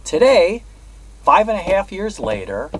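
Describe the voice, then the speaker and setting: A man hosting his own vlog, telling a personal story in a measured, earnest way. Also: sits high, sing-song, background noise. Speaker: host. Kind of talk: reflective personal vlog monologue.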